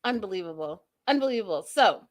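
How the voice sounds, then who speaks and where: A woman's voice: mid-range voice, animated, fast talker. A woman hosting a casual recap show, blunt, sassy and profane. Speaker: host.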